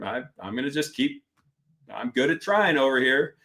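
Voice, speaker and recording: Animated middle-aged man telling a story. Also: mid-range voice, normal speed. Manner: animated, acts out instructors' lines in quotes. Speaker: podcast guest. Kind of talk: casual storytelling.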